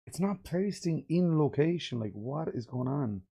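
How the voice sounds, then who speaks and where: A man's voice: a little high, animated, normal speed, creaky, warm tone, breathy edge. A man streaming game development, swearing and muttering in frustration as he follows a tutorial. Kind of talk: casual game dev livestream.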